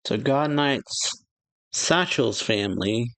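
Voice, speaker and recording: A man's voice: mid-range voice, unhurried, vocal fry. A man hosting a manga chapter reaction, talking casually with many fillers and laughing at his own slips.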